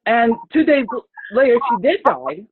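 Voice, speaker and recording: A woman sharing a personal story on a video call, in a halting, rambling way with many restarts. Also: a little high, animated, husky. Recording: tinny phone-like video call audio.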